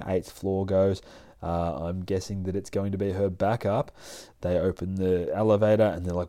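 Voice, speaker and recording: A man reads and recaps a comic book in a loose, rambling way, with swearing in nearly every line. His voice is low. The sound is dry with no room echo. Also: little pitch movement, a little fast, warm tone. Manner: profane, rambling, laid-back. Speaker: comic reader.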